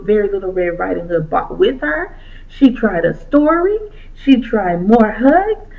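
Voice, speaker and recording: Slow, lively woman telling a children's story. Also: a little high, gravelly. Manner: slow and expressive, sing-song. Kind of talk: children's story told aloud. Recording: dull lo-fi recording.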